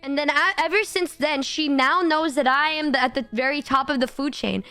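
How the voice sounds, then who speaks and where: High-pitched animated young woman streamer. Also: brisk, soft background music. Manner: animated, swearing, laughing often. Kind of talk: casual stream chat.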